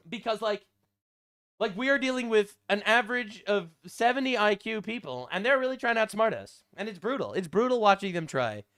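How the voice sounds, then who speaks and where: Male channel host, high lively voice, bright and sharp, sarcastic mocking commentary. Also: clear, resonant tone. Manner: mocking, deadpan sarcasm with frequent fillers.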